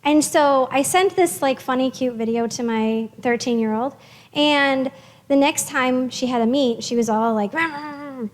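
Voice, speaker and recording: High-voiced upbeat woman presenter. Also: a little slow, in a large hall. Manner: chatty, upbeat, many fillers and restarts. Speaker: social worker presenting to parents. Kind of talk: casual presentation to parents.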